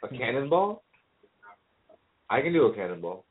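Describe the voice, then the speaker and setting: A man's voice: mid-range voice, very animated, moderate pace. A man hosting a casual podcast, rambling and joking with friends and laughing often. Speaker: podcast host. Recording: phone-like narrow sound.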